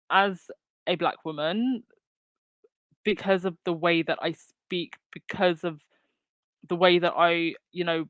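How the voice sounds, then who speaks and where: A woman's voice: lowish voice, fairly bright tone, no room sound. A woman hosting her own commentary channel, talking casually with lots of fillers and restarts. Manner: chatty, many fillers and restarts. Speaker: channel host.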